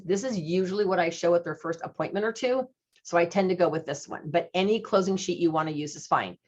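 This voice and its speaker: A woman with a somewhat low voice runs an upbeat sales lesson, talking casually and slipping into bits of retold phone calls. The sound is dull and lo-fi. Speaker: sales trainer. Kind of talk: instructional talk with retold dialogue.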